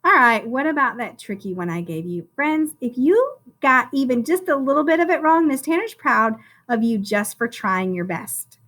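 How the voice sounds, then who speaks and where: A woman teaching a phonics lesson to first graders, sounding out words slowly and encouraging the children in a sing-song teacher voice. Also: high voice, animated, fairly bright tone. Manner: slow, drawn-out sounding out of words.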